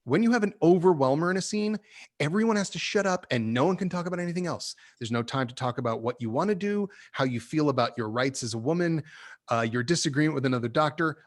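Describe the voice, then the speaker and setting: A man hosting a podcast, giving animated, opinionated notes on a screenplay and laughing often. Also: on the high side, a little fast. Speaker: podcast host reviewing a screenplay. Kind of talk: casual critique chat.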